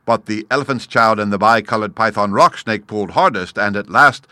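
Male storyteller, measured and expressive, lower voice with a bright, forceful tone. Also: no echo, clean studio sound. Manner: measured, expressive, addresses the listener. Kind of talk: storybook read-aloud.

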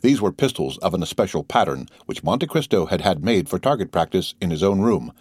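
A man narrating a classic novel as an audiobook in a measured, even way. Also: low-pitched, slightly rough, no room sound, studio quality.

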